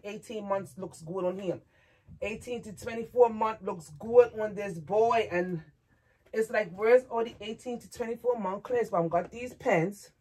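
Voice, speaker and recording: A woman's voice: a little high, husky. A woman hosting a doll hobby vlog, chatting casually to viewers from home and talking to her dolls. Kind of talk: casual chat to camera.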